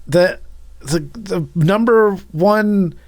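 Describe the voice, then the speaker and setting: A man's voice: extremely slow, darkish tone, no echo. A man doing a mock ad read as a sleazy male porn-site announcer, laughing through it. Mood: mock sales pitch. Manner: hammy, laughing through the pitch.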